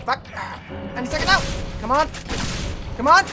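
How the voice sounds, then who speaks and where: A woman streams a video game and chats with her viewers as she plays. She talks casually and swears freely. Loud game music plays under her voice. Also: on the high side, big pitch swings, unhurried, pauses often. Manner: chatty, swears freely, talks to chat while playing.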